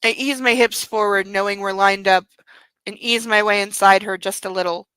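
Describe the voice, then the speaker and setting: Casting: a blunt, sarcastic woman reading a book aloud, bright crisp voice, dry close sound. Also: mid-range voice, fairly even intonation, normal speed, no echo, low-quality recording. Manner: sarcastic, indignant, blunt with swearing. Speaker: book club reader and commentator.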